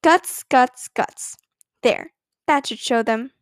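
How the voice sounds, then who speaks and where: A woman voicing an angry, defiant little schoolgirl who talks back and shouts in indignation. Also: high voice, lively intonation, moderate pace, dry recording, studio quality. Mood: furious.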